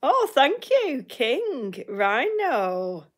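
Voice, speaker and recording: This livestream host is a woman from the north of England whose Northern English accent comes through as she chats casually, laughs often and repeats herself. Her voice is high and swoops wildly in pitch, and she speaks very slowly.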